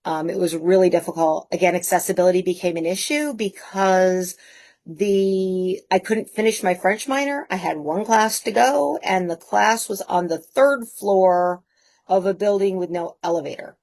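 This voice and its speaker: A woman in her fifties, a guest telling lively personal anecdotes in a casual way, laughing often. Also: lowish voice, moderate pace. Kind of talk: casual storytelling.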